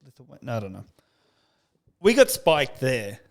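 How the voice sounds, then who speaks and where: A man's voice: mid-range voice, huge pitch swings, normal speed. A man hosting a podcast, chatting casually in a blunt way, swearing freely and chiming in often. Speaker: podcast host. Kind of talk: casual chat.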